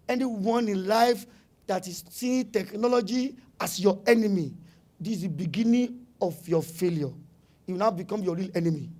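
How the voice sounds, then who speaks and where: A middle-aged man from Nigeria gives an animated conference talk at a business summit, his voice high and bright. Emphatic throughout, he drives points home through repetition and sometimes slips into pidgin phrases.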